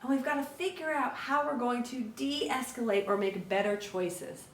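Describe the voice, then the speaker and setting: A woman trainer teaching a conflict resolution lesson to children in an energetic way. She asks questions and often adds "right?". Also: fairly high pitch, normal speed, slight background noise. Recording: echoey room, mic at a distance.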